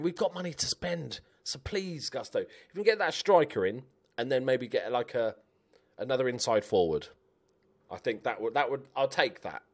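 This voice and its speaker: A young man giving chatty, animated commentary while playing a game, cheering on his players. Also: mid-range voice. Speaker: gaming YouTuber. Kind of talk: casual let's-play commentary.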